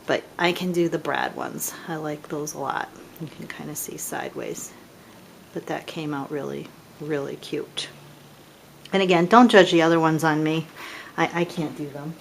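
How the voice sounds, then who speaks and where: Chatty low-voiced woman showing craft dies. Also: normal speed, creaky, a little hiss or hum. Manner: chatty and self-deprecating, gushing over pieces. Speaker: papercraft seller demonstrating dies. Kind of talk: casual product demonstration.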